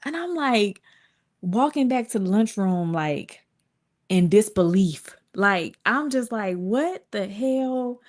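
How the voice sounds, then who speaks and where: A woman in her thirties telling a personal story to her viewers in casual, colloquial talk, with her pitch jumping up when she acts out quotes. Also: slow. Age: 30s. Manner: lively, colloquial, swings into high acted voices for quotes.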